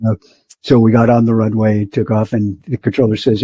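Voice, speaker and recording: On a dry recording, a low-leaning, husky, brisk voice belongs to an older man who works as a flight instructor. Interviewed on a podcast, he tells lively stories and imitates the other people in them.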